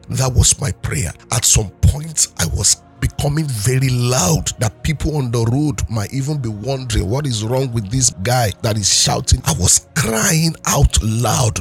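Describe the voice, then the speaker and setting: Fervent preaching man, gravelly voice. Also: mid-range voice, animated, measured pace, darkish tone, soft background music. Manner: fervent preaching, repeating and calling out prayers. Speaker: pastor. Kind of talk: sermon with prayer.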